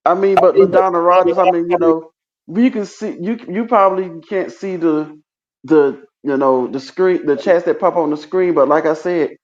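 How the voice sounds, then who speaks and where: A man's voice: high voice, normal speed. A man co-hosting a livestream in casual chat, rambling and full of fillers. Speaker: livestream co-host. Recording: dull lo-fi sound.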